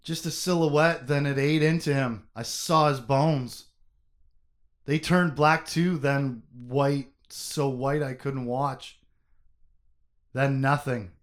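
A man reading a novel excerpt aloud, voicing a grief-stricken adult man mourning his friend in a raw, pleading way that rises above his normal speaking pitch. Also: fairly even intonation, slow, lightly acted. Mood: haunted.

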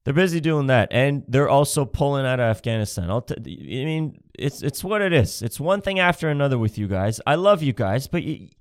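A man's voice: medium pitch, very animated, brisk, few pauses, no room sound, studio quality. A man from Canada doing a profane, sarcastic comedic rant, mocking the people he talks about.

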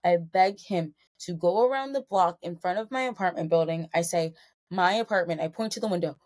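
A tipsy young woman in her twenties rambles through a story on her solo podcast, stumbling over her words and correcting herself as she goes. Her voice sits a little low for a woman, and her delivery is loose and chatty. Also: a little fast, a little mellow. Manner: chatty, breathless rambling with laughs and self-corrections. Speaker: podcast host.

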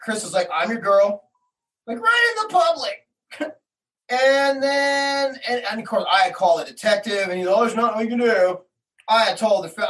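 A man's voice: sits high, distant mic, poor audio. A middle-aged man telling an emotional story about his son, agitated, swearing and acting out what others said. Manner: agitated, acts out quotes, swears, rising to shouts. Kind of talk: emotional personal account.

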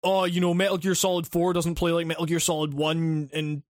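A young man chats casually as a podcast co-host, his voice sitting high. He rambles, swears freely and laughs often, and the sound is dry with no room in it. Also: completely flat delivery, a little fast, no echo. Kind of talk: casual chat.

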